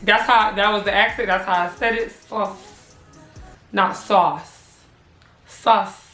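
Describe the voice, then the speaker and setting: A woman's voice: mid-range voice, steady tone, normal speed, fairly bright tone. Giggly young woman reacting to old clips. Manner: giggly, teasing herself. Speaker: vlogger reacting to her old videos. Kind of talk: casual reaction commentary. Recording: echoey room with faint music.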